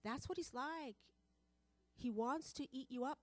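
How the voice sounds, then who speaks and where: A woman's voice: sits high, a little slow, no room sound. A woman preaching a sermon to a women's group, passionate and repetitive, building in volume as she presses her points.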